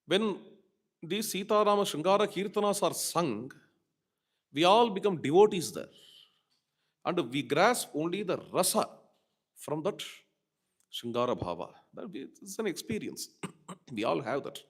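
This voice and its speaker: Man, spiritual teacher, devotional discourse, slightly high voice, lively swooping intonation. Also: unhurried, pauses often. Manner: animated, repeats key phrases, quotes verses.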